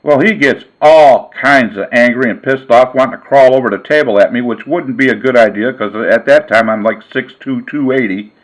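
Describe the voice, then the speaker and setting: A man and sports card vlogger telling a casual story in a folksy, relaxed way. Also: medium pitch, normal speed, hardly any pauses, rough recording.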